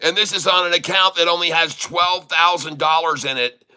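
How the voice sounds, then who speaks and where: A middle-aged man hosting a live day-trading stream, folksy and excitable, thanking viewers and calling out moves to his "folks.". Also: a little high, normal speed, clear, resonant tone. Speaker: day-trading livestream host.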